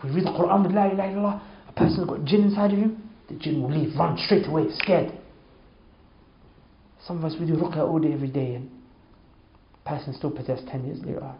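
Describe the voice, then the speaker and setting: A man's voice: gravelly, slight background noise. Emphatic man giving a religious talk. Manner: emphatic, repeats oaths, storytelling. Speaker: Islamic speaker. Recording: echoey, dull low-fi sound.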